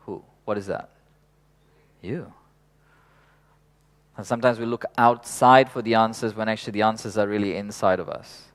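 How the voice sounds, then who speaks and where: A man with a lowish voice talks a group through a reflective workshop. His pace is unhurried, with soft laughs and casual swearing scattered through. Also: fairly even intonation. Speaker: workshop facilitator.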